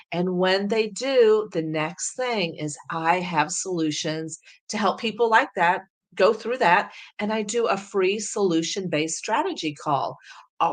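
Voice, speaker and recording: A woman sales coach teaching in an energetic, persuasive way and acting out sample lines. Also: lowish voice, normal speed. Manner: talks through sample scripts, energetic and persuasive. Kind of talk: coaching lesson.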